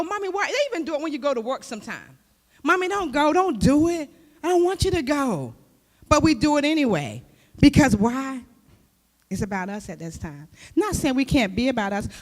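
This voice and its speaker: Woman church speaker, conversational sermon, lively, pointed questions to the room, long hall reverb. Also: high-pitched. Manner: lively, with rhetorical questions to the audience. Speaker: church speaker and youth teacher.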